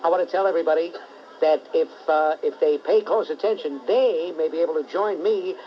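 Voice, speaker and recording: A man's voice: fairly high pitch, a little fast, a little hiss or hum. A middle-aged man hosting talk radio, dry and playing along. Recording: dull lo-fi talk radio recording.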